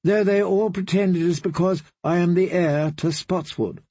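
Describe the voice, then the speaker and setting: A man's voice: sits high, normal speed, warm tone, slightly rough, no room sound, pitched above the performer's own voice. A man reading an audiobook, voicing a wry young noblewoman.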